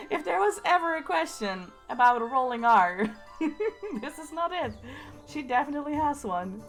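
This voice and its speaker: A woman's voice: high-pitched, very animated, normal speed, faint music behind. A young woman giving giggly, chatty let's-play commentary on a game, often laughing at herself. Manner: giggly, chatty, self-mocking. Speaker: gaming video host.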